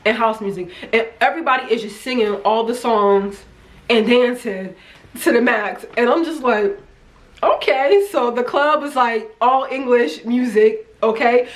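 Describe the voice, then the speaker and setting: A middle-aged American woman from New Jersey, chatting casually to camera as a travel vlogger and acting out the voices of people she met. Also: on the high side. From United States, New Jersey. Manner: chatty, animated, acts out quoted voices.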